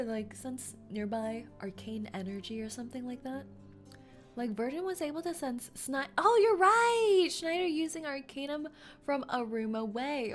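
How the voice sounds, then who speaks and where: A young woman streaming a story game, reading its text aloud and reacting playfully with frequent laughs and gasps. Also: a little high. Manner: excitable and playful, laughs often, gasps and jokes between read lines.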